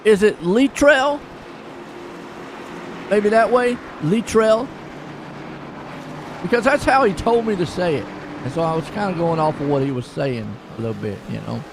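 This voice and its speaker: A man's voice: fairly high pitch, expressive, moderate pace, creaky, noisy background. A man doing laid-back play-by-play commentary for an online sim race, chatty and chuckling between calls.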